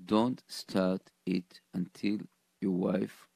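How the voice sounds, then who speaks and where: A man co-hosting a radio chat, speaking haltingly with many repeated words before pressing his point. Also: low-pitched, flat delivery, gravelly, dark tone, no room sound. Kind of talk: casual chat.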